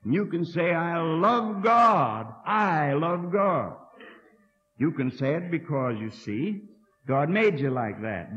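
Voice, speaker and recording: A man in his sixties, his voice slightly high and somewhat mellow, preaches a sermon in a college hall. He is folksy and earnest, tossing in dry asides and repeating words as he thinks. The audio is a dull, lo-fi archive tape from 1960.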